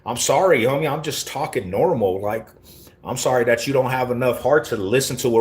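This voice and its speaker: A man's voice: medium pitch, fairly quick. A man from Colorado live-streaming and answering his chat in brash, confrontational street slang. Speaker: livestreamer reading chat. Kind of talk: casual live-stream talk.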